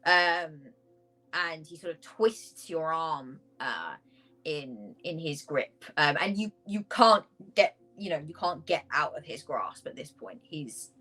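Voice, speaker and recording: Slow halting woman game master. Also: low voice, animated, sharp tone, rough recording. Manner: slow, halting, many fillers. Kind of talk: narrating a tabletop game. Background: faint background music.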